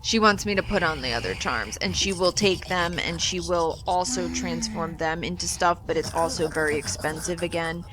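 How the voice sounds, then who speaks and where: Chatty woman playing a video game, lowish voice. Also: normal speed, few pauses, background noise. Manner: chatty and animated, with exasperated jokes. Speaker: let's play host. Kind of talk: casual gameplay commentary.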